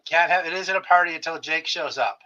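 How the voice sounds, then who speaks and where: Bright-voiced man chatting on a live stream. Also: on the high side, fairly quick. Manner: friendly, greets viewers by name, jokey. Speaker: streamer hosting a live book haul. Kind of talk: casual live-stream chat. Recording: slightly dull lo-fi stream audio.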